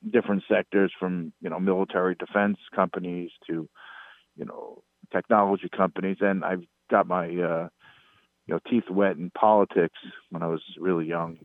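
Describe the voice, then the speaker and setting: A man with a New York accent telling stories as a guest on a talk show, talking casually with emphatic rises and halting fillers. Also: low-pitched, little pitch movement, no echo. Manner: storytelling, rising emphatic on complaints, halting fillers. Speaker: guest, PR strategist. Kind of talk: casual interview chat. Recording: dry tinny phone line.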